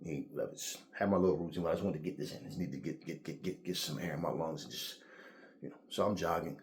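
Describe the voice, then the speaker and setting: A man talking casually to camera about boxing, telling stories in a profane, animated way with lots of slang. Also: extremely low pitch, quick pace, slight background noise. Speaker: boxing commentator.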